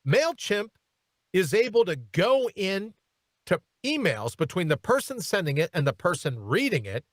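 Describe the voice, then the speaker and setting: Guy hosting a radio talk show, high voice bouncing all over, sarcastic rant, dry studio mic. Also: no echo. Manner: sarcastic, ranting, animated. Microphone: studio microphone.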